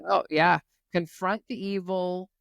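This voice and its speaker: Woman podcast co-host, lower voice, animated profane recap, dry room sound. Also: measured pace, creaky, no room sound. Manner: animated retelling, swears freely. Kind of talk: casual book-club chat.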